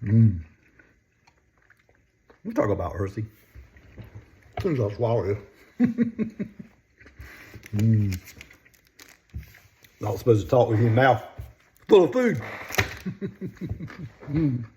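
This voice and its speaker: An older man with a drawl talks through stocks in a folksy, easygoing way. He chuckles often between phrases. His pitch rises and falls a lot as he talks. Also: big pitch swings, slow pace, pauses often, warm tone, highs cut off, slight background noise. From North Carolina, US. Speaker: stock market vlogger. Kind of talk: casual stock chat.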